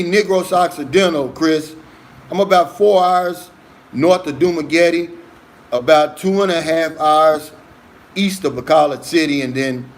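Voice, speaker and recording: Guy on a livestream reading chat, laid back, slightly high voice, lots of ums. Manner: relaxed, says "man" a lot, many fillers. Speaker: livestream host. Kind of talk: casual live chat reading comments.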